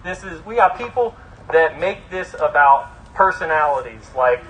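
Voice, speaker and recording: A man who is a local government official speaks at an outdoor protest rally, halting and searching for words. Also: a little high, animated, fairly bright tone, slight background noise, low-quality recording. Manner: hesitant, halting with fillers.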